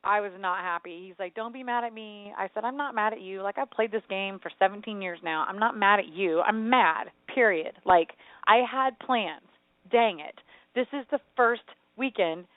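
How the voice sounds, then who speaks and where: A woman's voice: mid-range voice, normal speed, dry recording. Chatty woman on a tinny radio line. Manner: chatty, rambling, animated storytelling. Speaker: radio show co-host. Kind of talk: casual chat. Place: home. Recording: tinny phone-like radio sound, dry.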